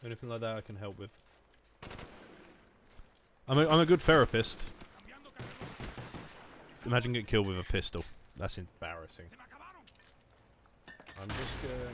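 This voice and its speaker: A man's voice: mid-range voice, normal speed, long pauses, background noise. A man with an Essex accent, rambling and swearing in a jokey way while streaming a shooter game. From England. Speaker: gaming streamer. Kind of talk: casual livestream commentary. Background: game gunfire.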